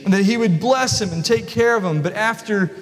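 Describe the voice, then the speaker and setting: A male pastor preaching a sermon in a church, telling the story in an animated way. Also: sits high, a little fast. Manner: storytelling, animated, acts out voices. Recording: long reverb of a large hall.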